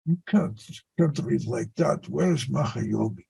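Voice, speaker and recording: A man's voice: mid-range voice, lively intonation, measured pace, creaky, warm tone, slightly rough, exaggerated voice. A man putting on the voice of an impatient male studio director who scolds a voice actor. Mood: exasperated. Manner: scolding, exasperated.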